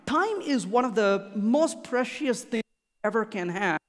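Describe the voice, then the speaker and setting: A conference speaker delivers a keynote in a large lecture hall, and a long reverb hangs after each phrase. The voice sits at a middle pitch but swings widely in melody. Key points are stressed and then repeated for emphasis. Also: expressive, unhurried.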